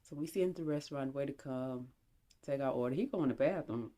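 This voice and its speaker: Chatty young woman with a deep-ish voice doing a storytime vlog, acts out the back and forth. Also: fast talker. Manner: animated, chatty, acts out dialogue. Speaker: storytime vlogger. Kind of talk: casual storytime.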